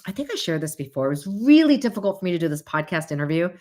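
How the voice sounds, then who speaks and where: A woman hosting a casual livestream talk and chatting to her audience, animated, with frequent laughs and asides. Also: very fast. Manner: animated, acts out quoted voices with big pitch jumps. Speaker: host.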